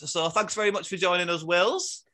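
A man's voice: sits high, fairly quick, pushed and bright. A man hosting a football podcast in casual chat, laughing often and hesitating with fillers. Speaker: podcast host.

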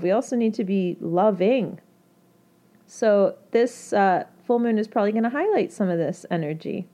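A woman in her twenties or thirties talks her listeners through the week's astrology in a soft, mellow voice. She sounds gentle and reassuring, and she wanders a little with fillers and restarts, like easy spoken chat. Her pitch sits in an ordinary middle range. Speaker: astrology podcast host. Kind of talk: casual spiritual talk to listeners.

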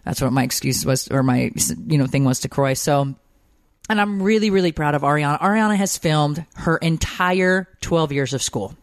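A woman's voice: sits low, normal speed, dry recording. Woman host, dry close sound, chatty and emotional, rambles through her stories. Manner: emotional, rambling storytelling with fillers. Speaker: podcast host. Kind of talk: casual chat.

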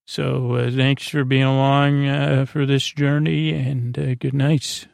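A man hosting a sleep podcast, retelling a story in a halting, rambling way full of fillers and restarts. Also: medium pitch, little pitch movement, creaky, darkish tone, no echo, studio quality. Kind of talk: drowsy rambling recap.

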